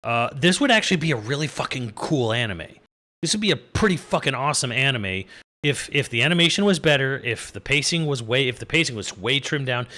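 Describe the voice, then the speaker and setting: A man's voice: on the high side, pushed and bright. A young adult man giving a casual, exasperated review, swearing freely and laughing as he rambles. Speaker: video reviewer. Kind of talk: casual rant.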